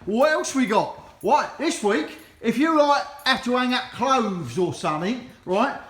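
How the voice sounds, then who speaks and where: Cockney man, middle-aged, jokey auction walk-through, high voice, keeps saying right. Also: animated, measured pace, fairly bright tone. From London, England. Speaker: auctioneer giving a preview tour. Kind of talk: casual walk-through chat. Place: auction building, walking indoors.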